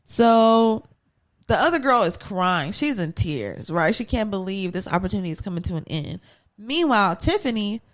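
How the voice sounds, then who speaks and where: Woman with recapping a show on a podcast, chatty, animated, does little voices for quotes. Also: mid-range voice. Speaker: podcast co-host. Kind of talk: casual recap storytelling.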